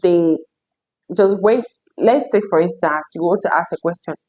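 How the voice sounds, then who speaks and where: A young Nigerian woman with a Nigerian accent, casually drilling new words aloud, repeating them with bursts of excitement. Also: on the low side, moderate pace. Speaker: language learner vlogger. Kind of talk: casual self-study lesson.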